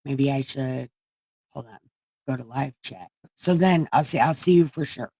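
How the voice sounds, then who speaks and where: A woman's voice: a bass voice, moderate pace, warm tone, breathy edge, dry recording. A woman hosting a livestream, retelling Bible stories casually in a profane, rambling, jokey way from a room at home. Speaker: livestream host.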